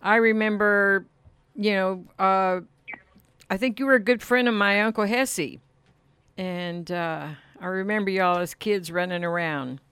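A woman with a smooth, clear voice interviews a guest on radio and gently draws him out. She is close to a dry studio microphone. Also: mid-range voice, measured pace, dry recording. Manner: warm, encouraging questions.

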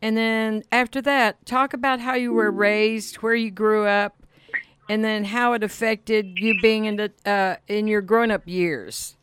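Smooth-voiced woman interviewing on radio. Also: medium pitch, fairly even intonation, measured pace. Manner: warm, encouraging questions.

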